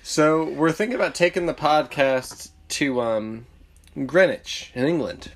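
A man's voice: on the high side, lively intonation, measured pace. A man co-hosting a podcast in an easygoing, joking casual chat. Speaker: podcast co-host.

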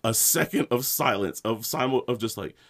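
A man's voice: medium pitch, normal speed, a loud crowd. A young man co-hosting a casual podcast, telling a story with lots of laughter and acted-out quotes. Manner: animated storyteller, laughing, acting out shouted quotes. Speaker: podcast co-host. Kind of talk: casual chat.

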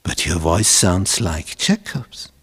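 A man's voice: sits low, animated, slow, fairly bright tone, breathy edge, in a large hall, voice pushed down, exaggerated voice. A man voicing a blind elderly father who questions doubtfully who stands before him. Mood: suspicious. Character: blind old father Isaac, suspicious.

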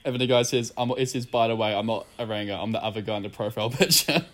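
A man's voice: mid-range voice, fast. A young man, a podcast host in casual chat who swears, giggles and reads online comments aloud.

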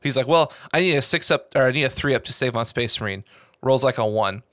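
Bright, animated male podcast host. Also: mid-range voice, fast talker, no room sound, clean studio sound. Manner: animated storyteller who acts out quoted voices. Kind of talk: casual conversation.

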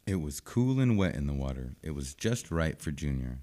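A man reading a children's storybook aloud in short, simple sentences. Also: extremely low pitch. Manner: slow, even, simple phrasing for children.

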